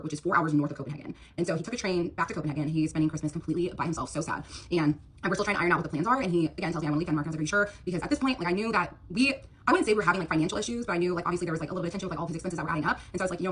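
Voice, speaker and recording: A woman's voice: on the low side, a little hiss or hum. A young woman retelling a personal dating story, rambling and quoting the other person's words, with lots of fillers. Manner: rambling, filler-heavy retelling with quoted dialogue. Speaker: TikTok storyteller. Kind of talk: storytime monologue.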